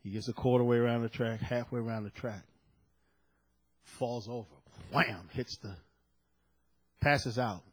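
A man's voice: medium pitch, fairly even intonation, a little slow, pauses often. A male preacher delivering a sermon, emphatic and dramatic, repeating key phrases for effect. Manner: dramatic storytelling with sudden loud peaks.

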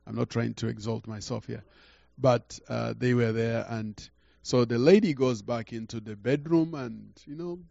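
An older man preaches through a story with a gravelly voice. He halts, repeats words and swings from quiet to loud. The recording sounds dull and lo-fi. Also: mid-range voice, moderate pace, hardly any pauses, no echo. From Uganda. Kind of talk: storytelling sermon.

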